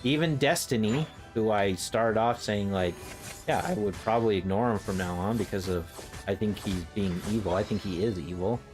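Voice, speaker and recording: A young man streamer in casual chat, rambling and excitable, laughing often. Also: lowish voice, normal speed. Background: music.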